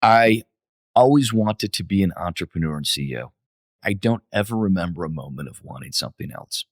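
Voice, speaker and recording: A man with a very low voice speaks in an unhurried, reflective way, stopping and restarting as he recalls things. The sound is close and dry, with no room around it. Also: lively intonation, dry recording. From United States. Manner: many fillers and restarts, reflective. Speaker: guest, company CEO. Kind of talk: relaxed interview storytelling.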